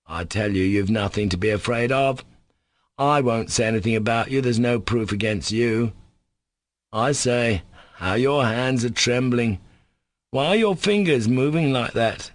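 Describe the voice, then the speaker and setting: A man's voice: mid-range voice, unhurried, no echo, natural voice. A man doing a scornful, drawling ill servant. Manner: drawling, contemptuous. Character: sick, scornful former valet, man, contemptuous.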